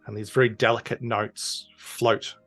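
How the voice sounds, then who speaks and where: A man's voice: fairly low pitch, little pitch movement, unhurried, a bit bright, soft background music. A man working as game master, narrating a tabletop game scene in a loose, descriptive way with many ums and uhs.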